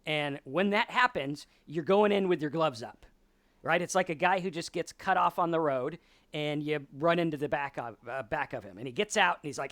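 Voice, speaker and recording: A man's voice: on the high side, normal speed, fairly bright tone, dry recording. A man hosting a sobriety talk, explaining ideas at a whiteboard in a casual, conversational lecture style and acting out quoted voices. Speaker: podcast host.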